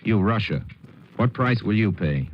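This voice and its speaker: Deep voiced guy doing a wry dramatic radio commentary, old muffled 40s broadcast. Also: lively intonation. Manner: wry, theatrical and deliberate. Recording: dull, hissy 1940s radio broadcast.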